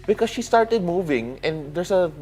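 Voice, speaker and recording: A man's voice: sits high, lively intonation, normal speed, warm tone, faint music behind. A man with a Filipino accent co-hosting a morning TV show, teasing his co-hosts in playful studio banter. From Philippines. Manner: teasing, mixes English and Tagalog.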